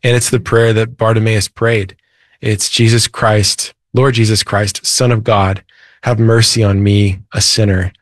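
A man's voice: fairly low pitch, level tone, unhurried, no echo, studio quality. A man, a preacher and author, earnestly retelling a Bible story as an interview guest.

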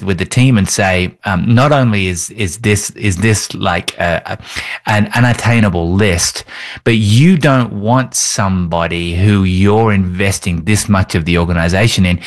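An Australian man, a pastor and leadership coach, answering interview questions with humor and plenty of fillers and restarts. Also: low voice. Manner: joking, self-deprecating, with frequent fillers and restarts.

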